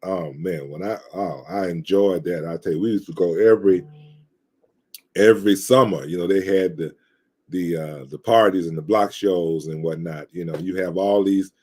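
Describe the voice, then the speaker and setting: A man's voice: sits low, normal speed, darkish tone, breathy edge. A man from North Carolina, a guest on a live stream, reminiscing in casual conversation with lots of fillers. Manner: reminiscing, rambling with many fillers. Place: live stream video call.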